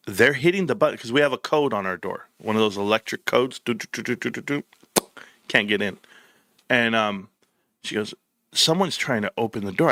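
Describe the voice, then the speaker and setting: Here a fairly high-pitched man, middle-aged, runs a laid-back livestream chat. He tells his stories bluntly and animatedly, leaning on slang, and the studio-quality recording has no room sound.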